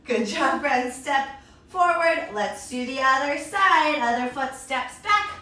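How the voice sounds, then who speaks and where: Woman, kids yoga teacher, playful and encouraging, high voice, heard from a distance. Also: animated, slow pace, pushed and bright. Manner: playful, encouraging, sing-song. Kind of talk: guiding a children's yoga class with a storybook. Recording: echoey room, voice from a distance.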